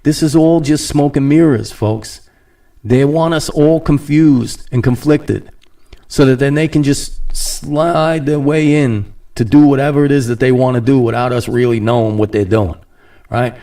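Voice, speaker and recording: A man in the middle of a loose podcast rant, sarcastic and rambling, with a voice of ordinary pitch for a man. He mimics other people mockingly and breaks into laughter now and then. He sits a little back from the mic. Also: moderate pace, darkish tone, far from the mic. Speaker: podcast host. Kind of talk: casual ranting monologue.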